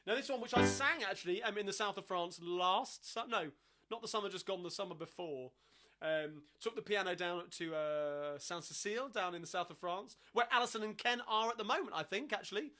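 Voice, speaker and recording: A man's voice: sits high, brisk. A man hosting a live sing-along stream, chatting between songs in a rambling, filler-heavy way. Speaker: sing-along host and pianist. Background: loud piano playing.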